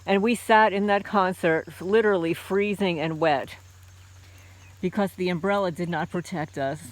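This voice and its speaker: A woman's voice: fairly low pitch, normal speed. Talkative middle-aged woman recalling a memory. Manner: conversational, with many fillers and restarts. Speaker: homesteading channel host. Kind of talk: personal storytelling to camera.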